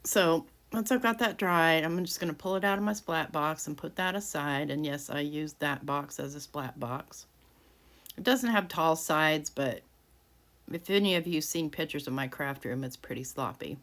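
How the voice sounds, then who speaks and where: Deep-voiced and a bit bright, a woman speaks at normal speed while giving a casual crafting tutorial from her home craft room. She narrates each step of a handmade card, frequently starting over.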